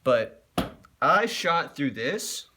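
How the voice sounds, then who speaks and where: A man's voice: fairly high pitch, big pitch swings, drawn-out words, background noise. A man vlogging in a casual, crude and joking way, cursing often. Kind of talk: casual vlog commentary.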